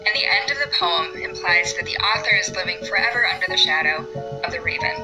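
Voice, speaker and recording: A woman teacher narrating a recorded lesson in a clear, explanatory way with a light wry touch. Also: fairly low pitch, a little fast, over loud music, poor audio.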